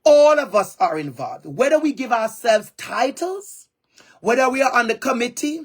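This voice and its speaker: An impassioned keynote comes over a video call from a Jamaican-accented man who leans on emphatic repetition. His very high voice carries lively intonation at a moderate pace.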